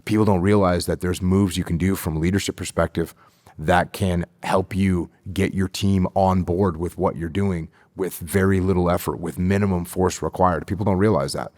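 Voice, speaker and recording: Guest: middle-aged man from the United States, very low voice, emphatic and repetitive, dry close sound. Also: steady tone, normal speed, darkish tone, no echo. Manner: emphatic, repeats key phrases for stress. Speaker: guest, retired military officer. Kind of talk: podcast interview.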